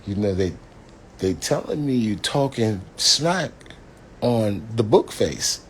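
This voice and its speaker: A man impersonating his mother scolding him, in a slow, low, hushed voice. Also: very animated, slight background noise. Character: his scolding mother, middle-aged woman, nagging.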